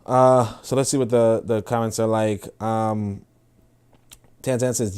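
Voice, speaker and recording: A man hosting a podcast livestream, reading comments and reacting in casual, animated commentary with swearing and repeated words. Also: lowish voice, measured pace, smooth. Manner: animated, profane, repeats himself. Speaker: podcast host.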